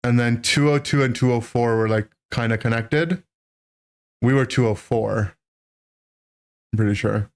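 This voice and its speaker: A man's voice: mid-range voice, measured pace, long pauses. Rambling man telling a childhood story. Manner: animated, rambling, full of "right?" and "like". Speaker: streamer. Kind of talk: casual storytelling to a live chat.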